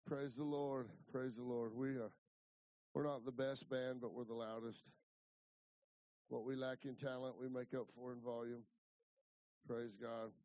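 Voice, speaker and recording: A man's voice: medium pitch, level tone, measured pace, pauses often, darkish tone, no echo, muffled recording. A man in his fifties from Ohio, preaching a folksy, rambling storytelling sermon full of restarts. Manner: rambling, repeats words and restarts.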